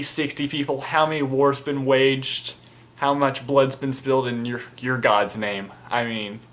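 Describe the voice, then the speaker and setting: A man voicing a crazy, remorseless male warrior who talks back loudly and cockily in a raised voice. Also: lightly acted. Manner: loud, cocky, raised pitch.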